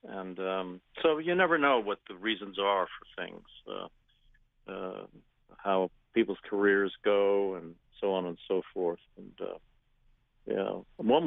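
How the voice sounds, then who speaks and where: A man telling stories in a phone interview, animated, laughing often and restarting his sentences. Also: on the low side, measured pace, gravelly, no room sound. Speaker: actor guest. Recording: phone line.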